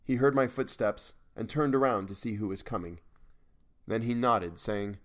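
Low-voiced male storyteller. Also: normal speed. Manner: dramatic first-person storytelling. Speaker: audiobook narrator. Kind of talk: scripted narration of a weird tale.

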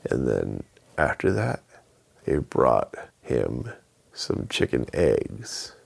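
A deep-voiced man telling a bedtime story, his voice gravelly and husky. He takes his time, and his pitch swings widely as he tells it. The delivery is plain storybook narration. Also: wildly swooping pitch, very slow.

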